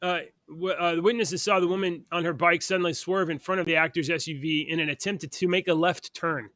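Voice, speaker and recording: A man's voice: fairly high pitch, fairly even intonation, brisk, a bit bright, dry recording, clean studio sound. A man hosting a casual podcast, chatting and reading news stories aloud, stumbling over words now and then. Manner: chatty, stumbles and restarts while reading headlines. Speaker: podcast host.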